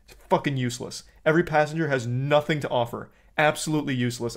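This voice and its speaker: A man streaming live, bluntly and profanely ranting about a movie to his chat in casual talk. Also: medium pitch.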